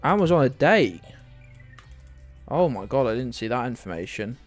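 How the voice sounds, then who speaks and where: Male game streamer, animated, rambling, sweary, self-mocking. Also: medium pitch, normal speed, faint music behind. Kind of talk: live-stream commentary.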